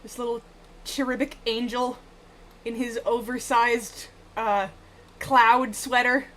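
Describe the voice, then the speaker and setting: A woman's voice: a little high, little pitch movement, slow, a bit bright, a little hiss or hum. A woman streaming and commenting casually, sarcastically mocking what she watches. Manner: sarcastic, mockingly repeats others' lines.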